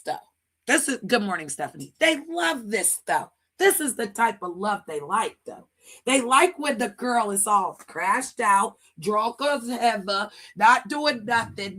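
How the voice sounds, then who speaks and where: A woman hosts her own stream in a casual, profane style. She mocks and roasts with crude humor, breaking into laughs. Her voice sits at an ordinary middle pitch. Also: a bit bright. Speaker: livestream host.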